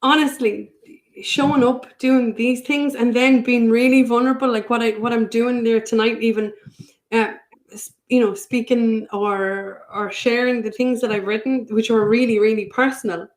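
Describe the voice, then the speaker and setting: A woman speaking a touch high, quick to laugh and to tease. She comes across as self-deprecating and a bit worn out, as if run down, in a casual podcast chat. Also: steady tone, low-quality recording. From Ireland. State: unwell, tired. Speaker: podcast guest. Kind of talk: casual conversation.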